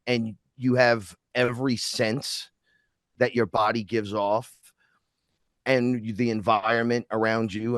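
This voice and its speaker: A man talking in a casual spiritual panel discussion over a video call, rambling and animated, often acting out quoted exchanges in other voices. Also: fairly low pitch, dry recording, studio quality.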